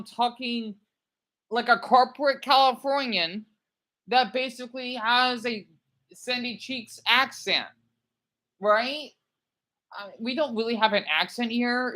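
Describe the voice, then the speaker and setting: A woman in her thirties from Arizona, rambling through opinionated commentary while reacting to videos, checking in with "right?" a lot. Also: fairly high pitch. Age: 30s. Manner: rambling, animated, asks "right?" often.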